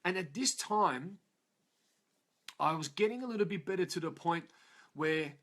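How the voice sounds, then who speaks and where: An Australian motivational vlogger tells his own story in a raw, emotional, profane confessional style, often tossing in "yeah?" tag questions. His voice is a little high, expressive, a bit bright, and slightly slow.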